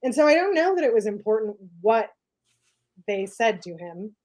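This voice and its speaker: Woman cohost chatting on a podcast, lots of "like" and "right?", just thinking out loud. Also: on the high side, sing-song, normal speed. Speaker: podcast co-host. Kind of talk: casual discussion.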